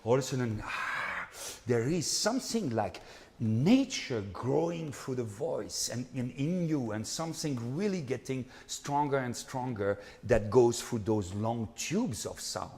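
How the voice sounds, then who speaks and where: Earnest conductor coaching singers in a hall. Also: male voice, medium pitch, expressive, a little slow, darkish tone. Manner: earnest, repetitive coaching with frequent tag questions. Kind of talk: master class coaching. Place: concert hall. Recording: hall reverb with faint background noise.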